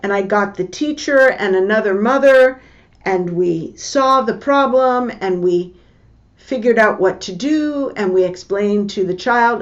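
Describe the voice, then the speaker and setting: Older woman, teacher, slow deliberate lecture, repeats points, dull lo-fi recording. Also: medium pitch. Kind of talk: lecture with personal stories.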